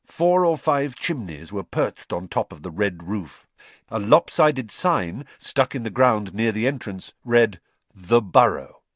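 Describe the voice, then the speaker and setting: A man's voice: fairly low pitch, a little slow, slightly rough, no room sound. A man narrating a children's fantasy audiobook expressively. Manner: expressive storytelling. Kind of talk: scripted narration.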